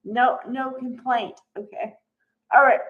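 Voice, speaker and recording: A woman chatting casually as she recaps a soap opera episode, animated and acting out the characters' lines. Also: a little high, slow pace, phone-quality sound. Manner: chatty, animated, acts out quotes.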